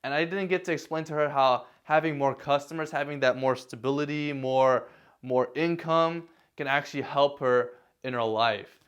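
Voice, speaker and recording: Fairly bright and smooth, a mid-range male voice delivers casual talking-head advice in a steady tone at a moderate pace. The vlogger is self-deprecating, stumbles into many fillers and restarts, and lets out chuckles here and there.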